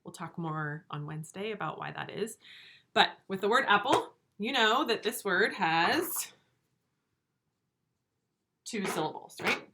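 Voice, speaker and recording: A woman teacher giving a remote reading lesson to young pupils, slow and clear, encouraging. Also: medium pitch, lively intonation, background noise. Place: home room with a whiteboard.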